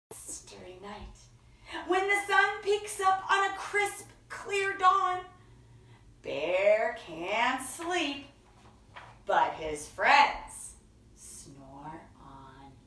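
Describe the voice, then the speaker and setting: Slow, lively high-voiced woman reading aloud. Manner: expressive sing-song reading with gasps and acted character lines. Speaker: children's story time host. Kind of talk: reading picture books aloud to children. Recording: echoey room, from far off.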